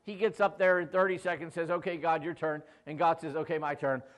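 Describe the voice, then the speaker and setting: A male pastor with a fairly high, level voice speaks fairly quickly as he retells a scripture story casually and with jokes. He acts out the quoted lines and tosses asides to the congregation between them.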